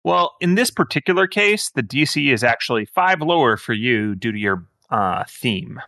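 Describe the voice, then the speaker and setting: A man's voice: mid-range voice, lively intonation, normal speed, bright, forceful tone, dry recording. A man running a tabletop game as game master, explaining the world in a rambling way with many fillers.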